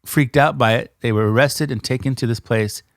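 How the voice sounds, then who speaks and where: A man hosting a casual podcast, retelling a story with animated energy and often checking in with his listener. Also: medium pitch, fairly quick, no room sound, clean studio sound. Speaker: podcast host.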